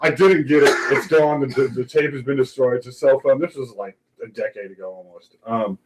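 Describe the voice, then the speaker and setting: This podcast host, mid-range voice and fairly quick delivery, shares a long anecdote on his casual live talk show. He brings it to life by acting out the quoted voices of those involved. The recording quality is low.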